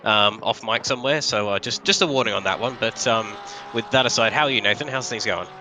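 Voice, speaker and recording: A man's voice: lowish voice, quick pace, noisy background. A man who is a bit ill, taking over live race commentary in a friendly, chatty way. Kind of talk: live sim racing commentary.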